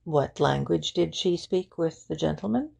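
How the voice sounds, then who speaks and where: A woman's voice: low voice, unhurried, a little mellow, heavily acted. A woman voicing an earnest, courteous English detective who speaks formally. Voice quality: gravelly, husky.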